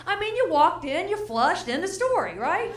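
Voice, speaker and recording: Older woman doing lively stand-up. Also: very high-pitched, moderate pace, noisy background. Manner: chatty, asks the crowd questions, acts out characters. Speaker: stand-up comedian. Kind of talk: stand-up routine. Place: comedy stage before a live audience. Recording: roomy live venue.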